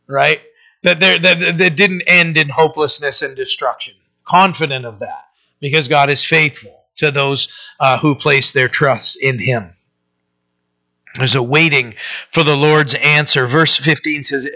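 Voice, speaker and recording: A man's voice: on the high side, unhurried, creaky, bright, forceful tone, dull audio. A man preaching a sermon as pastor, earnest and plain-spoken, often restarting with fillers.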